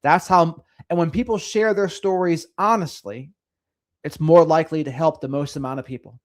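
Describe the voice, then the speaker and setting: On a casual livestream, a middle-aged host reads comments and talks with his viewers at a normal pace. His voice sits on the high side, and he speaks in a lively, sing-songy manner.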